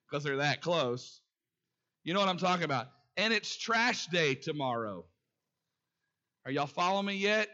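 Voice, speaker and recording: A man's voice: fairly high pitch, bright, forceful tone, lo-fi sound. A male pastor preaching a sermon, calling out questions to the congregation. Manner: calls out to the congregation with call-and-response questions.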